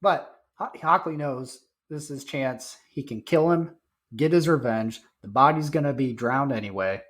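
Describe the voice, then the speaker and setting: A man's voice: medium pitch, moderate pace, a bit bright. A man co-hosting a podcast, chatting casually about a film with blunt, profane, short retorts. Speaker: podcast co-host. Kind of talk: casual movie review chat.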